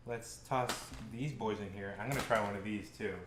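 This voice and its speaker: Young guy running a home cooking vlog, slow rambly talk, swears a lot when he gets excited, echoey kitchen w/ faint music. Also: on the low side, a little hiss or hum. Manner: excitable, swearing, stumbling restarts. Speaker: cooking show host. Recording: roomy kitchen echo, faint background music.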